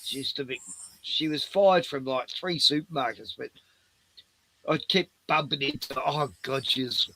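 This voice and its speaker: A man's voice: mid-range voice, normal speed, bright, forceful tone. A man hosting a livestream, telling crude, rambling stories and chuckling often. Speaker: livestream host. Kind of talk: casual chat.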